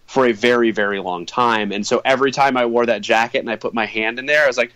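Man, teacher, podcast co-host, playful, laughs a lot, mid pitch, dry. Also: quick pace, fairly bright tone, no echo. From Michigan. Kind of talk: casual chat.

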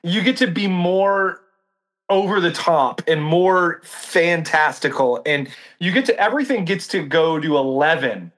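Unhurried and a bit bright, this man's slightly high voice has lively intonation. As a co-host of a casual book discussion, he thinks carefully, searches for words, and keeps asking "right?".

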